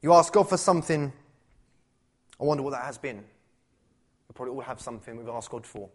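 A man's voice: medium pitch, fairly quick, a little mellow, slightly rough. A man preaching a sermon at a church service, talking conversationally and asking rhetorical questions. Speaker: pastor.

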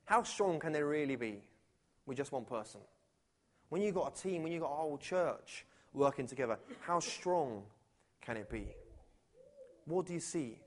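A pastor delivers a sermon to his congregation in a relaxed, animated way. His voice sits somewhat high for a man and swings between loud, punchy lines and quiet, intimate questions. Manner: animated and conversational, swinging from loud to hushed, with many rhetorical questions. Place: church, before a live congregation.

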